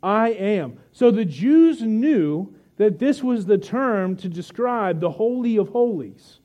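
A man's voice: high-pitched, expressive, mellow, highs cut off. A man preaching a sermon to his congregation, talking in a conversational, joking way and retelling scripture with vivid storytelling. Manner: vivid storytelling, dramatic pauses. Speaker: pastor.

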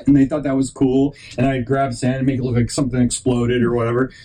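Fast-talking and mid-range, this man hosts his own podcast, where he rambles animatedly through a personal story, often starting sentences over and impersonating others in raised voices. The recording is low quality.

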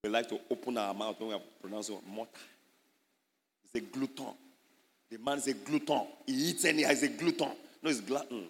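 A man's voice: medium pitch, brisk, fairly bright tone. A man with a Nigerian English accent preaching a sermon, emphatic and teaching, acting out little scenes. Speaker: pastor. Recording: echoey hall.

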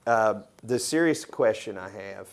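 A man from Kentucky, a guest on an interview podcast, talking in a dry, wry way with plenty of halting fillers. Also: on the low side, lively intonation. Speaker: guest, congressman. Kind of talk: casual interview chat.

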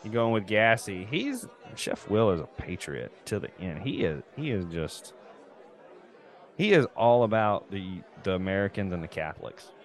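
A man's voice: lowish voice, very animated, moderate pace, a faint crowd. A man hosting a casual podcast, rambling loosely and laughing often. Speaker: podcast host. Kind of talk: casual chat.

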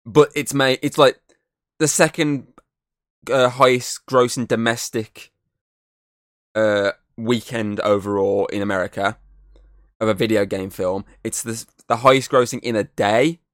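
A man's voice: mid-range voice, fairly even intonation, measured pace, fairly bright tone, no echo, studio quality. A man co-hosting a podcast, talking in a loose, rambling way that is full of fillers and swearing. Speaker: podcast co-host. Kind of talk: casual chat.

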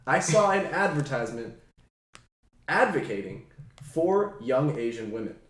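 Energetic joking young man. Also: medium pitch, measured pace, reverberant. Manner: energetic, joking, mock-quoting himself. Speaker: podcast guest. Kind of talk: casual comedic podcast chat.

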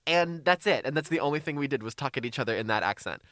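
A man's voice: medium pitch, lively intonation, quick pace, a bit bright, no room sound, clean studio sound. A young man co-hosting a casual podcast, rambling playfully with frequent restarts. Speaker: podcast co-host. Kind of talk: casual chat.

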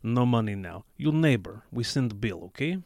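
A man's voice: medium pitch, lively intonation, moderate pace, vocal fry, a little mellow, dry recording, studio quality. A man voicing a friendly, pudgy male window repairman with a put-on Slavic accent and broken English.

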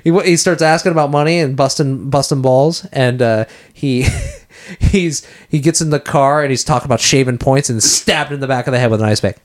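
A man's voice: mid-range voice, fairly quick. A man co-hosting a podcast, casually recapping a film in a rambling way and acting out lines from it. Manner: rambling, acts out quoted lines. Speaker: podcast co-host.

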